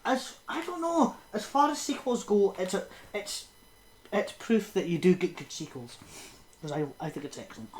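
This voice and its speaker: A woman's voice: medium pitch, big pitch swings, normal speed, darkish tone, slight background noise. A woman, co-hosting a podcast in loose, casual chat full of fillers. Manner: rambling, lots of fillers and trailing laughs. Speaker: podcast co-host. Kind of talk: casual chat about horror films.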